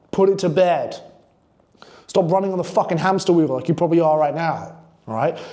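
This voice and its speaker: A man's voice: high-pitched, mellow. A man coaching on copywriting in a blunt, profane, hyped-up casual monologue.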